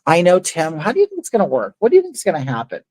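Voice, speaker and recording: A woman's voice: on the low side, huge pitch swings, very fast, mellow, no echo, poor audio. A middle-aged woman hosting a casual livestream, telling a neighborhood feud story in an indignant, rambling way and reading chat aloud. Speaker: livestream host.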